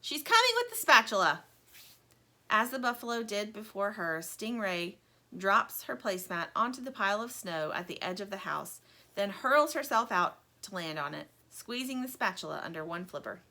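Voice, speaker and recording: Give me a woman reading a children's story, expressive and very bright. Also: mid-range voice, normal speed. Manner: expressive, animated.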